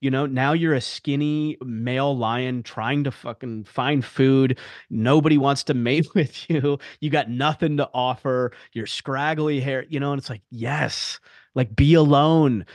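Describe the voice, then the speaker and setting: A man hosting a candid podcast conversation, speaking with passionate conviction and blunt, unfiltered words. His voice sits at a middling pitch and sounds dry and close, with no room around it. He talks like a coach pushing his listeners. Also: fairly even intonation, measured pace, dry recording. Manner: passionate, blunt, swears freely. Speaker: podcast host and men's coach.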